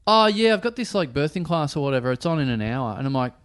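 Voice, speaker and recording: High, lively Australian man, sweary. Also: quick pace, clean tone. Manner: sweary, mock-exasperated. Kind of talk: casual comedic chat.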